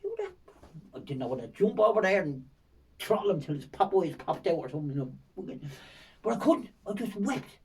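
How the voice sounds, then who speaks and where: A man's voice: high voice, animated, brisk, vocal fry, breathy edge, distant mic, poor audio. Older Dublin man telling rambling stories. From Ireland. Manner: rambling, vivid storytelling with frequent fillers and repetitions. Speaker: guest. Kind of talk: storytelling in a podcast interview.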